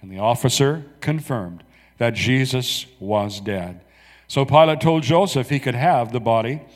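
A man's voice: mid-range voice, expressive. Man reading scripture in a reverberant hall. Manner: dramatic, slow emphatic reading with soft asides to the congregation. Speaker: preacher.

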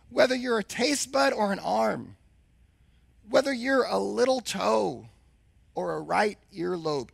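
A male pastor preaching a sermon with a hoarse, husky voice, since he has lost his voice, and asking the congregation questions. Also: sits high, no room sound.

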